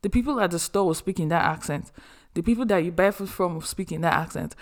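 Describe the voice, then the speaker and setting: A young woman from Nigeria, hosting a podcast and giving chatty, expressive advice with humorous asides. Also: on the low side, quick pace. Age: young adult. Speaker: podcast host. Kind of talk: casual advice monologue.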